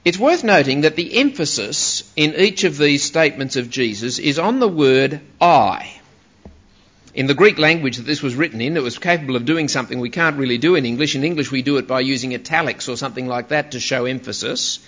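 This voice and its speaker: A man's voice: fairly high pitch, animated, fast, a bit bright. A man preaching a sermon, emphatic and stressing single words, on a dull lo-fi recording.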